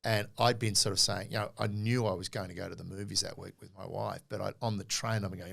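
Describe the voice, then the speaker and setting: A middle-aged Australian man, a podcast guest, telling animated stories in a casual interview and acting out quoted dialogue. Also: on the low side, quick pace, vocal fry, few pauses.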